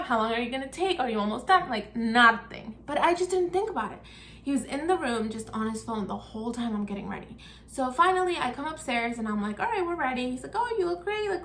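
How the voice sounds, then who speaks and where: A woman's voice: a little high, bright, forceful tone, a little hiss or hum. A young woman telling a personal story in a casual vlog, chatty and acting out the dialogue as she retells it. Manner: chatty, acts out quoted dialogue in her retelling. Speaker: vlogger. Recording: echoey room.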